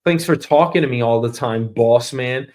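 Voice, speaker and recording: A man's voice: medium pitch, normal speed, a little mellow. A man hosting his own show, ranting profanely and animatedly about his boss and acting out office conversations. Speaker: show host. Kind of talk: comedic rant.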